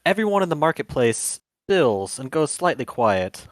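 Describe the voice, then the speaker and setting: A game master narrating a tabletop game scene in a theatrical way. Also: male voice, fairly high pitch, very animated, normal speed, no echo, clean studio sound.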